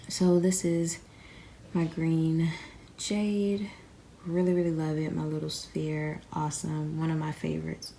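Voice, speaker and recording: A young crystal vlogger speaks from her bedroom bed in a deep, gravelly, somewhat mellow voice, with slight background noise. Feeling unwell and short of breath, she rambles casually and addresses viewers as y'all, the camera beside her on the bed.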